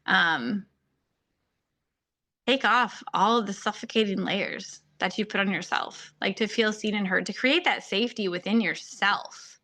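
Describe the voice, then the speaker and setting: Bright-voiced woman, earnest podcast host. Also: mid-range voice, unhurried. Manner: earnest, heartfelt, peppered with "like" and "um". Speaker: podcast host and faith-based marriage coach. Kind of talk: casual podcast monologue.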